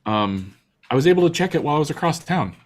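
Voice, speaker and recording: A man's voice: fairly high pitch, big pitch swings, fast talker, slight background noise. A man co-hosting a live podcast, telling jokey stories in casual chat. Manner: jokey, bouncy storytelling. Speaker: podcast co-host.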